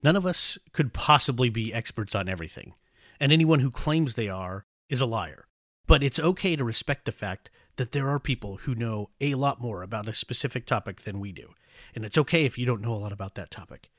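Man, podcast host, blunt, swears a lot, medium pitch, dry close recording. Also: lively intonation, a little fast, a bit bright, dry recording. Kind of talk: opinionated monologue then casual banter.

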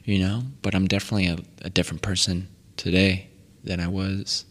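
A man's voice: sits low, little pitch movement, a little fast, fairly bright tone, long reverb tail. A man in his twenties chatting casually and telling easygoing stories. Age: 20s. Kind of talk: casual chat.

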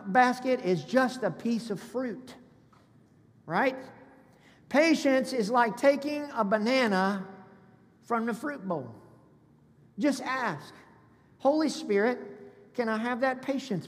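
A man preaching a sermon as pastor, conversational and calling on the congregation to respond. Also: very high voice. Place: church sanctuary. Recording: long reverb of a large hall.

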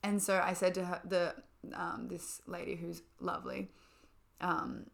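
A woman's voice: on the low side, level tone, measured pace, gravelly, fairly bright tone. A young woman chatting as a podcast co-host, telling a story with lots of fillers. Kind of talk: casual chat.

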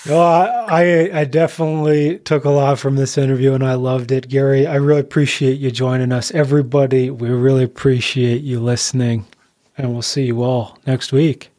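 Male co-host, mellow, deliberate, reflective. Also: medium pitch, flat delivery. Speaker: podcast co-host. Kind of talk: reflective interview talk.

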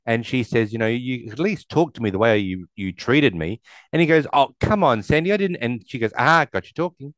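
A man's voice: mid-range voice, animated, fairly quick, fairly bright tone, dry recording. A man casually recapping a movie on a podcast, retelling scenes and acting out the characters' lines. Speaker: podcast co-host. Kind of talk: casual film recap chat.

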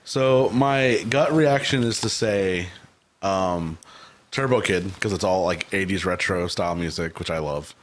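A man chatting on a podcast in an easygoing, laid-back way, often pausing to think. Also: sits low. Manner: easygoing, laughs often, hesitant. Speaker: podcast co-host. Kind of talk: casual chat.

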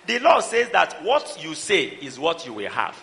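A middle-aged man preaching a sermon, calling out to the congregation and shouting for emphasis. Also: on the high side, huge pitch swings, moderate pace, creaky. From Nigeria. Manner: preaching with call-and-response, breaking into song and shouts. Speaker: pastor. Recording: long hall reverb.

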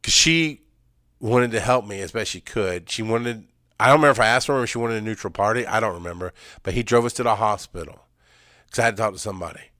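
A man telling an emotional personal story, swinging from loud, urgent emphasis to hushed, halting recall. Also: fairly low pitch, no room sound, studio quality. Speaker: speaker sharing personal story.

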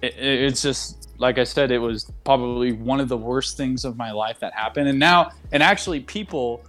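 A man's voice: medium pitch, moderate pace, a bit bright, faint music behind. Rambling young man hosting a podcast. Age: young adult. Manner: rambling, open and candid, with frequent fillers and self-interruptions. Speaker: podcast host. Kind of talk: casual chat. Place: seated at his desk at home.

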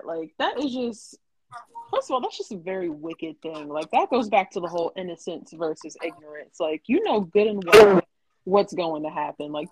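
Earnest low-voiced woman co-host. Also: darkish tone, rough recording. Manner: earnest, frequent affirming murmurs. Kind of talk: casual podcast chat.

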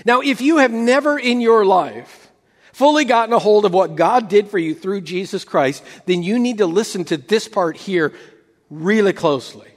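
A man preaching a sermon as pastor, telling a story with lively quoted voices and frequent restarts. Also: high voice, moderate pace, big-room sound.

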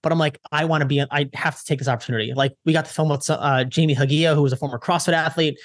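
A young man from the Chicago area, a social media strategist, telling a story casually in an interview with lots of quick retellings and restarts. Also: on the high side, no echo, clean studio sound. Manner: animated, lots of "I'm like" retellings, fast restarts.

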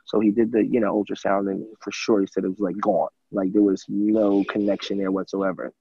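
A young man with a low, husky, mellow voice tells his story as an interview guest, loose and chatty and full of filler words. He acts out what other people said as he goes. The audio sounds dry and a bit dull. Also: brisk, dry recording. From USA. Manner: animated storyteller, many fillers, acts out quotes. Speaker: guest, former college football player.

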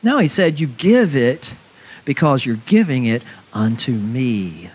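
A man's voice: mid-range voice, unhurried, husky. A man preaching a sermon, often asking "right?" of his listeners and briefly acting out other people's voices. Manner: animated, acts out mocking voices of people; repeats "right?" to the congregation.

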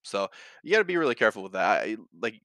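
A man's voice: fairly low pitch, sing-song, fast, fairly bright tone, no room sound. A man hosting his own podcast, talking casually and reading online posts aloud, full of fillers, restarts and tag questions. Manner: rambling, many fillers and restarts, frequent "right?". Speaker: podcast host.

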